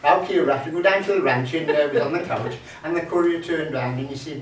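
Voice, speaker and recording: A man's voice: on the high side, quick pace, hardly any pauses, a little hiss or hum. A man at a folk club telling rambling comic anecdotes, chatty and jokey with lots of fillers. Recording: echoey room, mic from far off.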